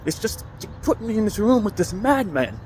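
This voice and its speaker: Man voicing an angry elderly woman, shrill and ranting. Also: very animated, normal speed, background noise. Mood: furious. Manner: shrieking, furious rants.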